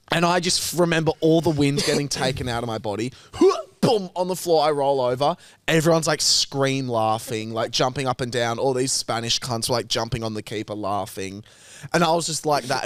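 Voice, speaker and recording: A young man, co-hosting a podcast, telling a story in casual chat, animated and sweary, acting out other people's lines. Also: medium pitch, dry recording. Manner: animated, sweary, acts out quotes. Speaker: podcast co-host.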